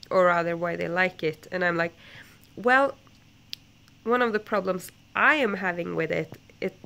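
Young woman, lowish gravelly voice, blocked nose, chatty rambling vlog storytelling. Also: fairly bright tone. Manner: chatty, rambling, with many fillers and self-corrections. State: stuffy nose from a flu. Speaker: book vlogger.

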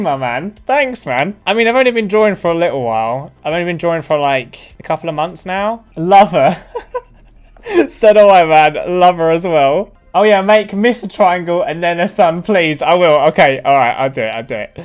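A man's voice: fairly high pitch, lively intonation, moderate pace. A young man, casually chatting and joking with viewers while drawing. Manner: joking, swears freely, chats with viewers. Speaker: streamer drawing with chat. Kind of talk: casual live-stream chat. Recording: faint background music.

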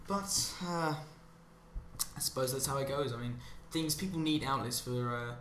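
A man's voice: medium pitch, moderate pace, fairly bright tone, a little hiss or hum. A man giving a rambling, sarcastic monologue as commentary over gameplay, drifting onto tangents. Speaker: commentary channel host. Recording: roomy echo with faint ambience.

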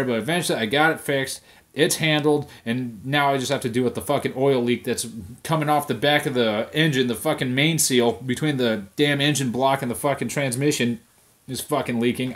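A young man venting on camera at home, swearing constantly as he rants about his week. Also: mid-range voice. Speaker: vlog host. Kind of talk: profane ranting monologue.

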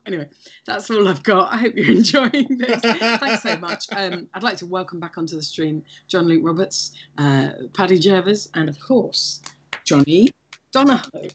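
A woman's voice: on the low side, expressive, moderate pace. A woman hosting an online comedy show, chatting casually and giggling, with some swearing. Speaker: comedy club host. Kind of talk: casual comedy chat on a video stream.

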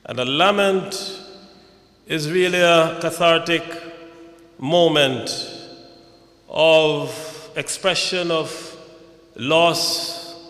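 A man preaching a sermon at a memorial service, slow and measured, building to dramatic recitation. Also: on the high side, fairly bright tone. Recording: echoey hall.

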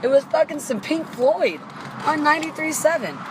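A woman's voice: sits high, lively intonation, normal speed, noisy background. A young woman ranting into her phone from a parked car, swearing and exasperated as she retells an argument. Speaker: vlogger. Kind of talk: indignant profane rant.

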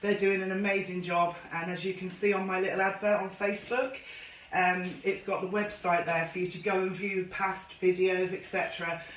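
A woman's voice: on the low side, flat delivery, moderate pace, distant mic, slight background noise. A woman running a line dance class on a live stream, chatty and effusive as she greets viewers by name. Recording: roomy echo, voice off-mic.

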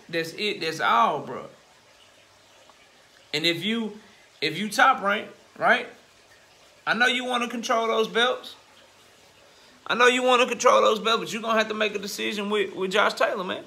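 A man hosting a boxing commentary channel, ranting bluntly and profanely in casual slang, growing louder and heated as he goes. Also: high-pitched, vocal fry. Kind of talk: casual opinion rant.

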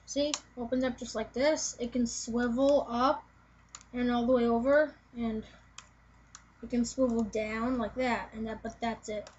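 A young woman chatting to her camera in a rambling, filler-heavy way. Her voice is high, and the home-video sound is dull and lo-fi with a faint hiss behind it. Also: steady tone, measured pace, darkish tone. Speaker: vlogger. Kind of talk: casual video chat.

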